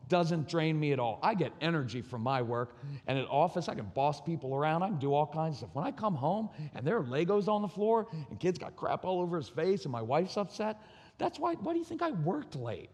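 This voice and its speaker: A slightly high, mellow male voice, expressive and a little fast with few pauses, fills a conference hall with long reverb. The speaker shares candid personal stories about parenting and marriage, performing the dialogue he quotes.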